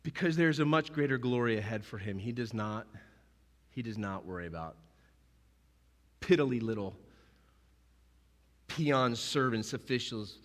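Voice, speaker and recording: A male pastor preaching a sermon, animated and emphatic, acting out scenes as he goes. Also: medium pitch, normal speed, pauses often, long reverb tail. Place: church sanctuary.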